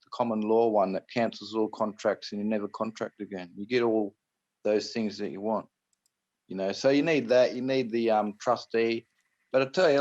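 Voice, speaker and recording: A man's voice: fairly low pitch, darkish tone, highs cut off. A man with an Australian accent talking in a loose, rambling way on a call, often restarting and tossing in "right?" and "mate". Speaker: guest explaining private trusts. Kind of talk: casual rambling chat on a call.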